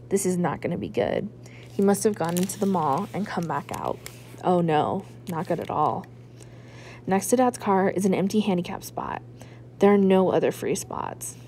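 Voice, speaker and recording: A woman librarian reading a children's novel aloud, with expressive first-person narration. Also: mid-range voice, slight background noise. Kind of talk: children's book read-aloud.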